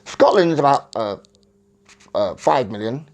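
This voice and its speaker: A man's voice: mid-range voice, expressive, measured pace, a little mellow. A man from England, talking in a rambling, self-correcting monologue that searches for words. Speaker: vlogger.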